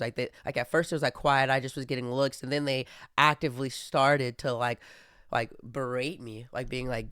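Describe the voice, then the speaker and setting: A man's voice: medium pitch, level tone, a little fast, fairly bright tone, clear, resonant tone, no room sound, studio quality. A young man hosting a casual monologue, rambling with many fillers and restarts. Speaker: podcast host.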